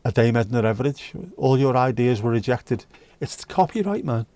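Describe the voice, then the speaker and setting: A livestream host casually reads messages from his audience, bantering, joking, and singing snatches of tunes as he goes. His mid-range voice is expressive and warm at a moderate pace, with no echo.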